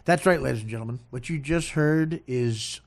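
A man's voice: medium pitch, moderate pace, vocal fry. A man on a comedy podcast, ranting in a self-mocking, exasperated way.

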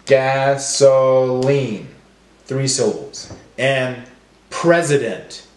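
Man, early-years teacher, deliberate word drills, encouraging, roomy echo. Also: mid-range voice, lively intonation. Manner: slow, stretched word-by-word drills. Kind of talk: phonics lesson for young children.

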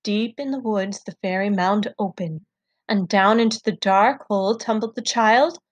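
A woman reading a folktale aloud to children, expressive and measured. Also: mid-range voice, no room sound, highs cut off. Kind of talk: children's storybook read-aloud.

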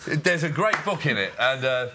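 English male host, playful banter, lively pitch, noisy room. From England. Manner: jokey, teasing, quick banter. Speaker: cricket show host. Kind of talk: casual chat.

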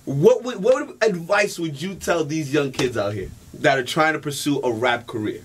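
A man hosting a casual interview, playful and animated as he asks his questions. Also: fairly high pitch, normal speed, a little hiss or hum. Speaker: interview host.

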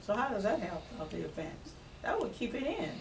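A woman's voice: mid-range voice, sing-song, a little fast. A woman teaching a Sunday school class, leading the talk and pressing students with follow-up questions. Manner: probing, asks follow-up questions. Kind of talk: leading a church class discussion. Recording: distant mic with clear background noise.

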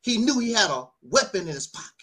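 A man's voice: sits high, very animated, fast talker, fairly bright tone. A man speaking in an emotional personal monologue, tearful and heated, with a preacher-like cadence. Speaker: online commentator.

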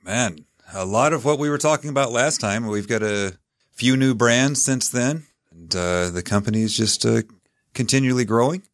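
A relaxed male podcast guest with a mid-pitched voice. He answers casually and unhurriedly, with a few fillers. The sound is dry and close. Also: normal speed, dry recording. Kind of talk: casual interview talk.

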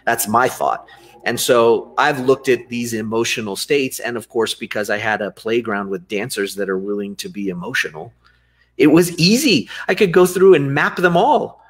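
A man being interviewed as a dance and life coach, speaking in an animated, expressive way, laughing often and acting out inner dialogue. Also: medium pitch, normal speed, breathy edge. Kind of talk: conversational interview.

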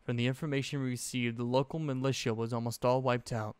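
A man voicing a scheming silver-haired male headmaster who speaks in a calm, measured, quietly menacing way. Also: mid-range voice, clear, resonant tone, no room sound, natural voice.

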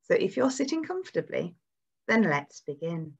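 A woman hosting a storytelling event, introducing the programme and the guest in a measured way. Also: on the low side, big pitch swings, creaky, a little mellow, breathy edge. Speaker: event host. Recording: dull lo-fi recording.

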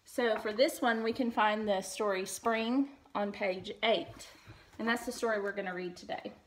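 A young woman teacher reading a storybook aloud to her class, speaking gently and clearly and asking the children questions. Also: mid-range voice, fairly even intonation, normal speed, a little hiss or hum, poor audio.

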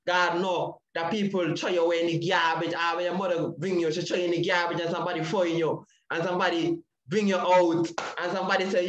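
A man's voice: high-pitched, flat delivery, fast talker, few pauses, reverberant, lo-fi sound. A man giving an impassioned testimony in a repetitive preaching cadence. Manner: preaching cadence with repeated phrases. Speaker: panel speaker sharing testimony.

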